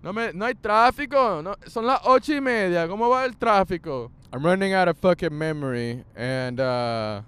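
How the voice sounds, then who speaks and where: A man's voice: sits high, animated, normal speed, few pauses, fairly bright tone, smooth. A young man hosting a podcast, talking casually and profanely while driving, switching between English and Spanish. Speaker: podcast host. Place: inside a car on the highway.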